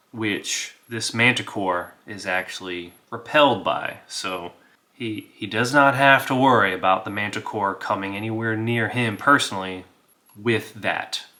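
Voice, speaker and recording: Man, solo tabletop narrator, relaxed, unhurried, bright tone. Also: on the low side. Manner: relaxed, laughs, talks to himself about rolls. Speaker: game master and player.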